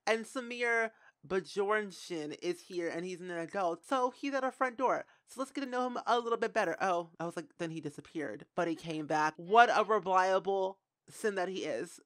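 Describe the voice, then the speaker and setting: Young woman gamer, expressive play-by-play commentary, prone to dramatic outbursts, mid-pitched voice. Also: normal speed. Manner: dramatic, shrieks and cries out in dismay. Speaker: game streamer. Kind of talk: gameplay commentary.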